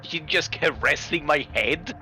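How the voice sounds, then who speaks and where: Bright-voiced joking male player. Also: on the high side, measured pace, faint music behind. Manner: joking, laughs often. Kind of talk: casual chat in a tabletop game.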